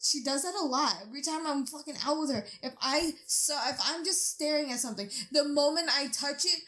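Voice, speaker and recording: Woman cohosting a chatty podcast, high bright voice, swears a lot and cracks up loud. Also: a little fast. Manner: swears a lot, laughs loudly, animated storytelling. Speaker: podcast co-host. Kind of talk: casual chat.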